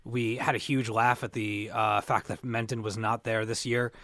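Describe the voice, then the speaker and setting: A man's voice: on the low side, little pitch movement, normal speed, fairly bright tone, dry recording. A young adult man co-hosting a podcast, rambling through convention stories with many restarts. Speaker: podcast co-host. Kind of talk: casual podcast chat.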